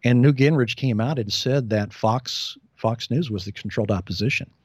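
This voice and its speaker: A man's voice: mid-range voice, normal speed, breathy edge, no room sound, clean studio sound. An American man chatting casually as a podcast guest, often stumbling and repeating words as he restarts. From United States. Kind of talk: casual conversational chat.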